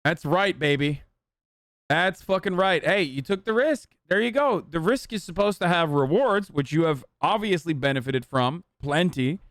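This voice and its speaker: A man's voice: fairly high pitch, expressive, moderate pace, a bit bright, dry recording, clean studio sound. A man streaming live and reacting to a video, mocking and swearing through a heated political rant.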